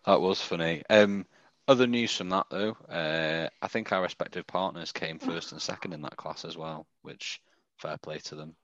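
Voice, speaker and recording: Low male co-host, wry self-deprecating chat, dull dry sound. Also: moderate pace, a bit bright, no room sound. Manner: dry self-mocking storyteller. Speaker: podcast co-host. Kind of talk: casual chat.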